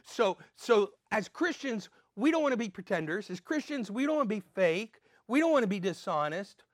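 Older man, pastor, sermon, high-pitched, dry sound, earnest. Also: sing-song, moderate pace, dry recording. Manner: earnest, swinging between emphatic and soft.

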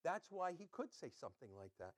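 A man with a fairly high voice delivers a relaxed, conversational sermon. He quizzes his congregation and drifts into chatty asides. The sound is dry and close. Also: fairly quick, no room sound. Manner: conversational, quizzing listeners with quotes. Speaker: pastor.

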